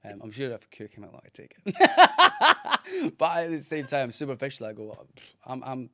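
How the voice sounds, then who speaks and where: A man's voice: a little high, wildly swooping pitch, normal speed, bright, forceful tone, no room sound, clean studio sound. A man in his thirties, an actor guest in casual chat, telling stories animatedly and laughing often.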